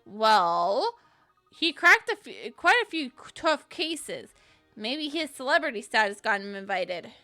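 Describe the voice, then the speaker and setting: A woman voicing an eager young boy apprentice from a game, asking excited questions. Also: on the high side, slow pace, faint music behind, heavily acted.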